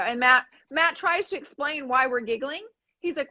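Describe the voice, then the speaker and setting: A woman co-hosting a live DIY painting show, telling a funny story with animated acted-out voices. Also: high-pitched, normal speed, highs cut off. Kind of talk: casual chat while painting furniture.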